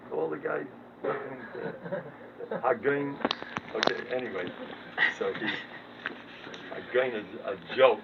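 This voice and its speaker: A rabbi giving a humorous Torah talk, self-mocking and swinging from low mumbled asides to loud emphatic bursts. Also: male voice, unhurried, creaky, long pauses. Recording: distant, tinny phone-quality recording with background noise.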